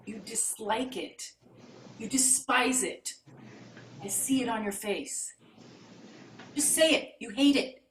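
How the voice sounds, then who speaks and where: A woman improvising a scene over a video call, insistent and teasing, saying the same thing again and again. Her voice is high and slow. She sounds far from the mic, in an echoey room with faint noise. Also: a bit bright. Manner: insistent, teasing, repeating herself. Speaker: improv performer.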